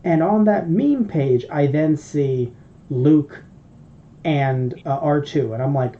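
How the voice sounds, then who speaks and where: A man chatting on a podcast, talking in long, rambling, profane stretches. His voice is deeply dark and mellow, and the audio comes through a little dull and lo-fi. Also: slow pace, slight background noise. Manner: rambling, profane, animated storytelling. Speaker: podcast co-host. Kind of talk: casual podcast chat.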